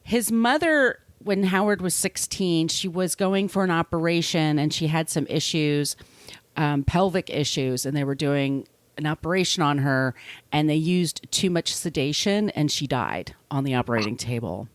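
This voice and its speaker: A middle-aged woman with a somewhat low voice tells a story on a podcast, casual and salty. She stops and restarts her sentences as she goes. The sound is dry and close, with no room around it. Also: normal speed, no echo. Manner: chatty, profane, restarts mid-sentence. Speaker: podcast co-host telling the story.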